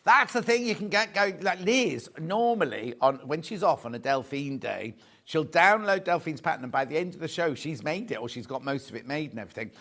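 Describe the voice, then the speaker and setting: Presenting live shopping TV from a studio, a man with a fairly bright, expressive voice on the high side talks briskly. He chats, jokes and corrects himself as he goes while reading out viewer messages during the live selling chat.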